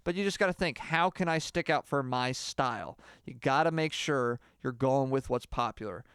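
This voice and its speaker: Rambling deadpan man, smooth voice. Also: mid-range voice, no room sound, clean studio sound. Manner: rambling, halting, full of fillers. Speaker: comedy mock singing teacher. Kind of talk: deadpan mock lesson.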